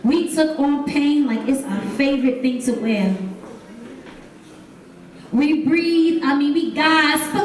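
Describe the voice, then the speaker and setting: A young woman performing spoken word poetry on a live stage, speaking in rhythmic refrains and leading call-and-response, rising into intense, loud gasps and cries. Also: sits high. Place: hotel event stage, live audience. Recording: very echoey room, voice from far off.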